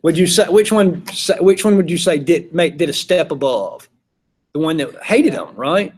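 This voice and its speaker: A man's voice: a little high, animated, normal speed, darkish tone, husky. A man giving a casual classroom lecture, chatty, acting out his examples in little voices. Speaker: philosophy teacher.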